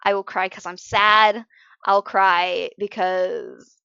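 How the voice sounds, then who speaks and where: A woman's voice: mid-range voice, little pitch movement, slow, creaky, bright, forceful tone, smooth, no room sound, dull audio. A tired woman streamer chatting casually while she draws. She rambles and interrupts herself, and is frank about being emotional. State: tired from little sleep. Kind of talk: casual live-stream chat while drawing.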